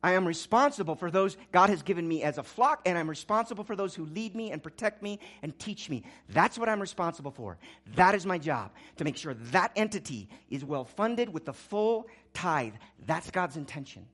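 A man preaching a sermon as pastor, swinging between quiet, low asides and loud, urgent exclamations. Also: sing-song, moderate pace, hardly any pauses.

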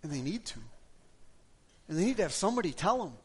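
A man's voice: sits high, very animated, fast, husky. A middle-aged male pastor preaching a sermon in a conversational, storytelling way, often restarting his sentences.

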